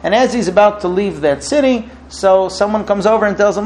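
A man's voice: sits high, a little fast, few pauses, darkish tone, slight background noise, poor audio. A man giving a religious talk, telling a parable and acting out its dialogue with rising emotion. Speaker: rabbi. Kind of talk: sermon with a parable.

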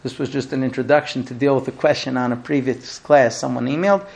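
A man's voice: mid-range voice, fast, vocal fry. A middle-aged man teaching a recurring class as a rabbi, telling funny stories and acting out the quoted lines. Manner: animated storyteller, acts out quoted dialogue. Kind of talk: lively classroom lecture with humor.

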